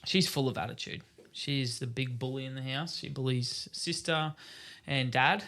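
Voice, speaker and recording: An Australian man in his thirties tells family stories on a podcast, often breaking into laughter and acting out his toddler's lines. His voice has a gravelly edge and a bright, forward tone, and it sits at an ordinary middle pitch. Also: fairly even intonation, normal speed. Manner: laughing storyteller, acts out his kids' lines. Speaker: podcast co-host. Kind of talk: casual chat.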